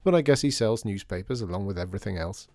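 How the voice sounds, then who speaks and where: A man's voice: on the low side, animated, quick pace, darkish tone, dry recording, clean studio sound. A man doing a wry, muttering dad. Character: dry, sardonic father who makes toys.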